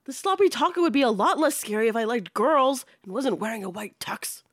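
A woman voicing a paranoid, nervous young woman, speaking in a hushed whisper. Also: on the high side, lively intonation, brisk, no echo, studio quality.

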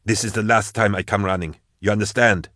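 A man plays a tired inquisitor at the end of his patience, his voice climbing in pleading exasperation. It's a clean, dry audiobook recording, with the character pitched a little higher than the narrator's own low voice. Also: fairly even intonation, a little fast, bright, forceful tone, no echo. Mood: weary pleading. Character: exasperated male inquisitor, weary old colleague.

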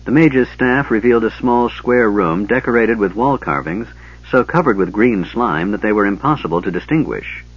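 Low, husky-voiced man narrating. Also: moderate pace, lo-fi sound. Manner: steady storytelling. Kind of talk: scripted narration.

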